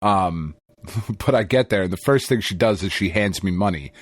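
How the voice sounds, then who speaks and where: A man's voice: sits low, moderate pace, dry recording. A man, co-hosting a podcast, telling a story in casual chat with lots of swearing and laughter. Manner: profane, animated storytelling with laughter. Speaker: podcast co-host.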